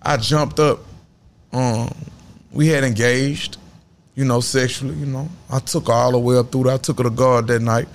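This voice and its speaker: Man, thirties, interview guest, blunt, preachy, self-assured, middle pitch, faint noise behind. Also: fairly even intonation, moderate pace. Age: 30s. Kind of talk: casual interview talk.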